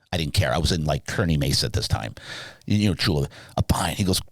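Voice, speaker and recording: A very low-voiced man tells a rambling personal story as a podcast guest. He gets animated and jumps his voice way up when he acts out dialogue. The sound is dry and close, with no room echo. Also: fast talker. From Southern California. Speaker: podcast guest, sleep business founder. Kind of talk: casual storytelling interview.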